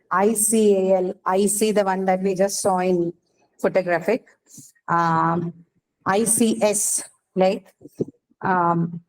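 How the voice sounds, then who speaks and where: A woman's voice: mid-range voice, a little mellow, rough recording. A woman teaching an English class, explaining step by step and often checking that the student follows. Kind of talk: online class lecture.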